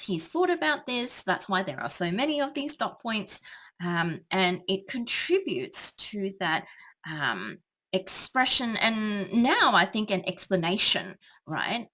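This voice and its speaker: Female tutor, lowish voice, unhurried, hesitant analytical explanation. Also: a bit bright. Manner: thoughtful, hesitant with many ums. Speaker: English tutor.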